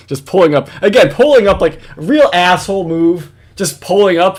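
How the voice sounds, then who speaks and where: A man's voice: high-pitched, animated, normal speed, few pauses. A man hosting reaction commentary, ranting in a profane, exasperated way. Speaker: commentary host.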